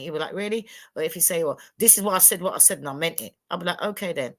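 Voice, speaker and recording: Blunt, bright-voiced woman. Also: lowish voice, animated, very fast, few pauses. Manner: blunt, emphatic storytelling. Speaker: panel guest. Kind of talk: candid livestream chat.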